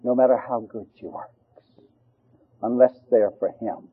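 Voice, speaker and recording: A man preaching an impassioned sermon, dropping to low murmurs and rising to high pleading cries. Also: fairly even intonation, a little slow, breathy edge. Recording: tinny phone-like radio broadcast.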